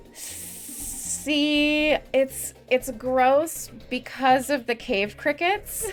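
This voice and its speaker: A woman's voice: medium pitch, a bit bright. A young woman from the US Midwest streaming a game, rambling in casual chatter that is giggly and full of swearing.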